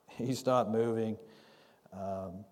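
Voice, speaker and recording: A man preaching a sermon as pastor, conversational and unhurried, acting out scripture dialogue as he teaches. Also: lowish voice, steady tone, a little mellow. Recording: long hall reverb.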